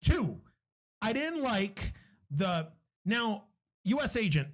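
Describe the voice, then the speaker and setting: A young man co-hosting a podcast, chatting casually in an animated, joking way and swearing freely. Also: high-pitched, takes it slowly. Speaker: podcast co-host. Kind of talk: casual chat.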